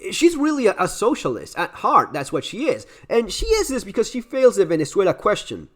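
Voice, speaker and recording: A man from Latin America with an Argentine Spanish accent, giving emphatic, sarcastic commentary. His voice sits high and swings widely in pitch. He speaks English as a second language after Spanish. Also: huge pitch swings, fairly quick. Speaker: channel host commenting on clips. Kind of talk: opinionated commentary.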